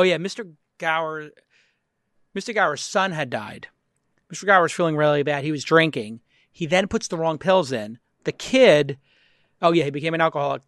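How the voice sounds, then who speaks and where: Brief: male podcast host with a high voice, excitable storyteller, dry close studio sound. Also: no room sound. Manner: excitable, acts out quotes with rising emotion. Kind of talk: casual chat, retelling a film scene.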